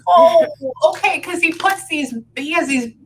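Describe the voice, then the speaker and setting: A woman working as a psychic medium, giving a chatty, excitable reading to a client over a call. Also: very high-pitched, unhurried, a little hiss or hum. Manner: excitable, chatty, filler-heavy.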